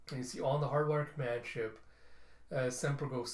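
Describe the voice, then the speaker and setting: A man's voice: medium pitch, fairly even intonation, moderate pace. A man casually narrating a comic book readthrough, with chuckling asides. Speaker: comic reviewer. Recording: echoey room.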